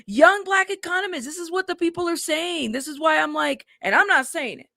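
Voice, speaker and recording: A woman's voice: high-pitched, lively intonation, brisk, vocal fry, few pauses, fairly bright tone, no room sound, studio quality. A woman hosting a casual news commentary show, reading headlines aloud and reacting to them in a chatty way.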